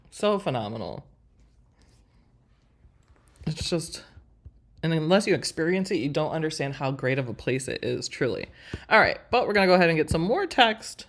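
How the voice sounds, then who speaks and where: This woman's low voice is very animated, at a normal speed, and she pauses often. In her forties, she leads a live screen-share craft design tutorial, chatting with the viewers like old friends.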